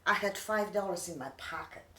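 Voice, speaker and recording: Her mid-range voice is bright and forceful at a moderate pace, with slight background noise. She's an older immigrant woman in her 60s, earnest and heartfelt in broken English, sharing something emotional and personal, captured from a distant mic in an echoey room.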